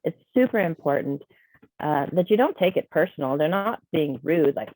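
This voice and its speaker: A woman's voice: sits low, expressive, normal speed, creaky, long pauses, darkish tone, low-quality recording. A woman voicing a deaf trainer's signed talk into speech over a video call, explaining patiently and conversationally. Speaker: sign language interpreter voicing a deaf trainer. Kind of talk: live spoken interpretation of a training session.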